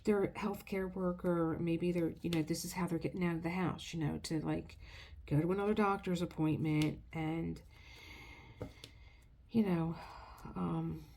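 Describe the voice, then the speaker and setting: A woman's voice: fairly low pitch, steady tone, unhurried, vocal fry, warm tone, slight background noise. A middle-aged woman telling a rambling, emotional story in a casual vlog. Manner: chatty, rambling, emotional, restarts often. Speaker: craft video creator.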